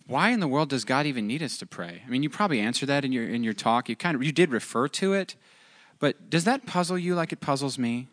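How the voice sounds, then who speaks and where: Lively, playful male interviewer. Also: medium pitch, quick pace, no echo, studio quality. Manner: playful, asks questions, exclaims. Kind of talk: casual interview.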